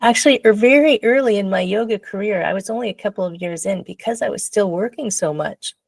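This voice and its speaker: A woman guest telling a personal story in a casual interview, animated and laughing often, acting out her own past voice. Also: medium pitch, quick pace, vocal fry, no room sound.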